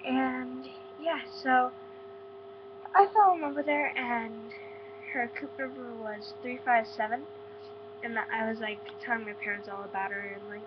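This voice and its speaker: A woman's voice: fairly high pitch, steady tone, normal speed. A teenage girl with a stuffy nose from being sick, chatting at home in a casual vlog full of likes and ums. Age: teens. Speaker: vlogger. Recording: dull lo-fi webcam with hum.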